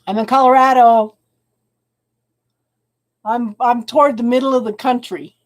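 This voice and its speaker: With long pauses and a slow pace, a woman whose voice runs on the high side does live tarot readings. She chats warmly with viewers, calling them hon, and grows tearful and emotional over the cards.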